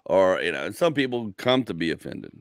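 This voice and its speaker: Animated storytelling male comedian. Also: sits low, fairly quick, vocal fry. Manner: animated, acts out voices in anecdotes, laughs loudly. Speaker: comedian and podcast host. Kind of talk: casual chat, storytelling.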